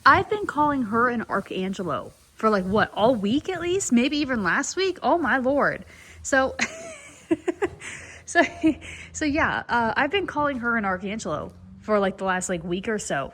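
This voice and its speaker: Chatty woman with a slightly high voice. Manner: chatty and rambling, laughing often, cooing softly to the mares and foals. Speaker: foaling attendant filming her barn. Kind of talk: casual vlog chat. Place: horse barn at night.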